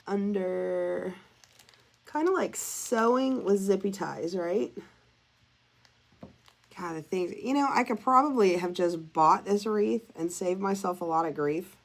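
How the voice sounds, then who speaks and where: Working on a DIY craft project, a craft vlogger talks through it in a medium-pitched, fairly bright voice. She thinks aloud as she goes, casual and self-deprecating, with the occasional small sniffle.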